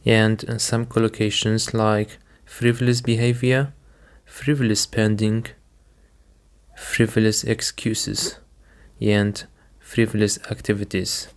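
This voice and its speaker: A man's voice: on the low side, level tone, slow. A man teaching English vocabulary, patiently repeating each word and explaining it with simple examples. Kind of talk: slow, careful teaching.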